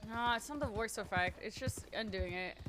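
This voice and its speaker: Her voice sits on the high side and moves at a moderate pace as this young streamer experiments with a character voice. She has a slight twang, keeps the chat casual, curses heavily, and puts herself down along the way.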